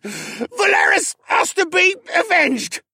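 A man's voice: extremely high pitch, expressive, takes it slowly, creaky, bright, forceful tone, dry recording, voice pushed up, full character voice. A man voicing a furious, injured young male elf who screeches through the pain. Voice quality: screeching, strained. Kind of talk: audiobook narration.

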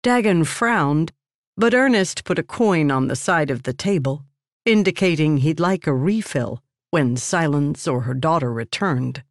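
A woman narrating a fantasy story in a measured, even way. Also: low-pitched, no echo, studio quality.

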